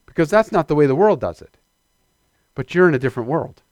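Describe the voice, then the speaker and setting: A middle-aged man preaching a sermon with lively calls to his congregation. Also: on the high side, fast talker, pauses often, no echo, studio quality.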